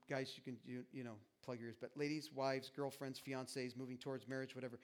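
A middle-aged man preaching a sermon as pastor, animated and jokey, acting out little quoted asides to the congregation. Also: a little high.

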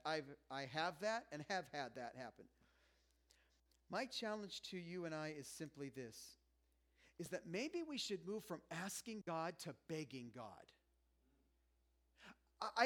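A pastor preaching a sermon in a conversational, joking way, often dropping to a hush and then pushing his voice up loud. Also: on the high side. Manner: conversational and joking, swinging between loud and hushed.

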